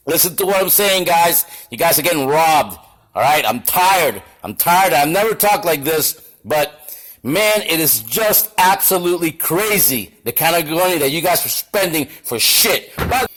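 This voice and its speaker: A man's voice: fairly high pitch, animated, measured pace, fairly bright tone, rough recording. A man working as a shop machinist gives an angry, blunt and profane demonstration to camera in his machine shop.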